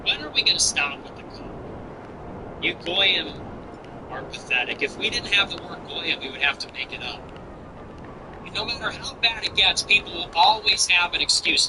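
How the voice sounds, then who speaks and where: A man with a high-pitched voice hosts a livestream, chatting casually and ranting bluntly with lots of profanity. Background noise can be heard.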